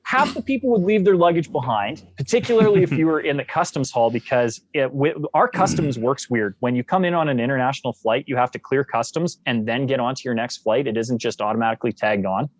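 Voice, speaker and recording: A man from Canada, a guest on a podcast, telling stories in a jovial, enthusiastic, animated way. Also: medium pitch, fairly quick, few pauses, dry recording. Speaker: guest, actor. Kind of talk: casual podcast interview.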